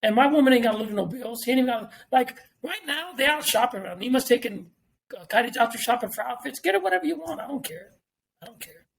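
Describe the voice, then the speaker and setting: Fast-talking high-voiced man, blunt. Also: animated, gravelly. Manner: blunt and profane, repeats points for emphasis. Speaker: guest. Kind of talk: casual podcast talk.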